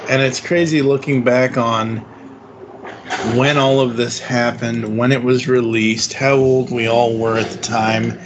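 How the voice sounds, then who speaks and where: A man's voice: medium pitch, flat delivery, measured pace, highs cut off, noisy background. Rambling enthusiastic man hosting a podcast. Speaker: podcast host. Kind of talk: casual fan chat.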